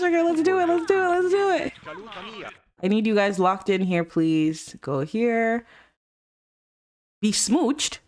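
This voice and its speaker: A woman giving chatty, excitable commentary while playing a life-sim video game, jumping high when surprised. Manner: excitable, chatty, reacts with squeals and gasps. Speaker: let's play gamer.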